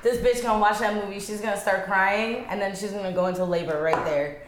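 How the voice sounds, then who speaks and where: A woman's voice: mid-range voice, a little fast. A woman co-hosting a podcast in casual chat, teasing and swearing, laughing often. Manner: teasing, profane, laughs a lot. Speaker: podcast co-host. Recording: echoey room, faint noise.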